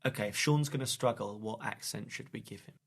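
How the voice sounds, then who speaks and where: A man's voice: on the low side, fairly quick, vocal fry, slightly rough. A man hosting a podcast in casual chat, joking and prompting his guest with questions. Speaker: podcast host.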